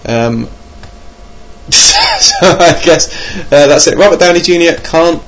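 Male podcast host, young, gravelly and husky, rambling self-mocking chat. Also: a little high, wildly swooping pitch, slow, a bit bright. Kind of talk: casual podcast monologue. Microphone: home computer mic.

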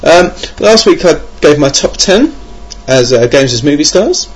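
A young man hosts a board game podcast by himself at his computer, delivering a rambling, self-mocking monologue full of ums into a home computer mic. His husky voice is on the high side, swings widely in pitch, and moves at a measured pace.

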